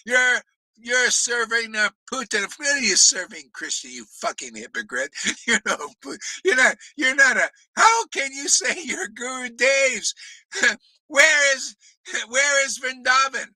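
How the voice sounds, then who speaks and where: In a rough recording with no echo, a man with a very high voice teaches a spiritual class outdoors in a desert, very animated but unhurried. His sermon is fiery and profane, and he scolds listeners, laughing and shouting often.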